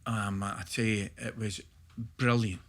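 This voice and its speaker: A middle-aged Scottish man, a former footballer, chatting as a podcast guest and telling stories with animated laughter. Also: fairly low pitch, measured pace. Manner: animated storyteller, laughs through his stories. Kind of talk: casual podcast chat, anecdote telling.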